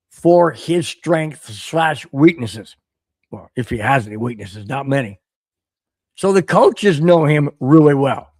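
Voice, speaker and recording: A man's voice: a little high, dry recording, studio quality. A man hosting a sports podcast, giving casual commentary with emphatic rhetorical questions. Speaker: podcast host.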